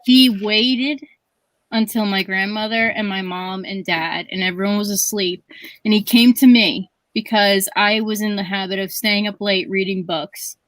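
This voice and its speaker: A woman's voice: medium pitch, steady tone, unhurried, a bit bright, dry recording, low-quality recording. A woman co-hosting a stream, telling stories in a rambling, chatty way with many restarts. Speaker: stream co-host. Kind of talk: casual storytelling chat.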